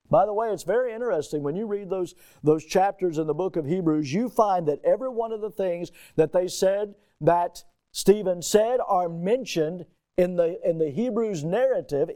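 High-voiced man preaching a fiery sermon. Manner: emphatic, rhetorical questions, sudden rises in pitch and loudness. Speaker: pastor.

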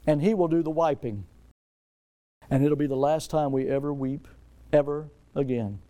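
Mellow-voiced male preacher, rhetorical and dramatic. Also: fairly high pitch. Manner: dramatic preaching, rhetorical questions, repeated phrases. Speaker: pastor. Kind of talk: sermon.

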